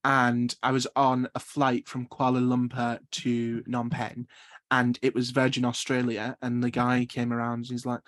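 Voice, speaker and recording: A man's voice: mid-range voice, completely flat delivery, moderate pace. A young man from Sunderland, hosting a podcast in a chatty, self-mocking way with lots of "like". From Sunderland, England. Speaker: podcast host. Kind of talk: casual interview chat.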